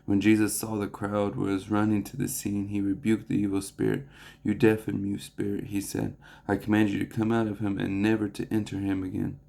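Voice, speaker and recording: A young preacher reads a Bible passage and reflects on it earnestly and devotionally, his voice low, warm, rough, and fry-laden with nearly flat, monotone pitch. Halting as he works through his thoughts, he often restarts phrases and fills pauses.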